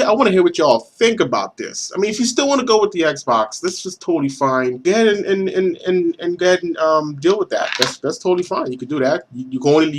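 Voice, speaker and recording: A young man ranting excitedly to his viewers as a gaming vlogger, animated and swearing, with lots of stumbling restarts. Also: on the high side. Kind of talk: excited rant to camera.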